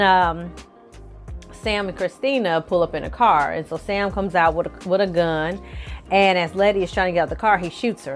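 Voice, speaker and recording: A woman casually recapping a TV episode for viewers, telling the story in a lively, slangy and profane way. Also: lowish voice. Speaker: film and TV reviewer.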